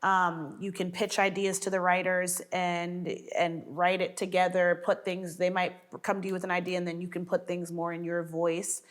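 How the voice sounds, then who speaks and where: Speaking at a normal speed with few pauses, this comedienne from a sketch show has a fairly low voice that barely moves in pitch. In a relaxed interview she laughs a lot, tells lively stories, and performs the quotes.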